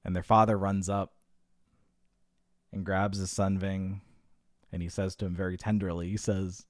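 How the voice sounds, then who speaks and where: A man with a low voice tells a long shaggy-dog joke in a loose, rambling way, leaning on "like" and acting out each character's lines. The sound is close and dry. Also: little pitch movement, normal speed, no echo. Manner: rambling, full of "like" and restarts, acts out characters' lines. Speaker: joke teller. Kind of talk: casual storytelling of jokes.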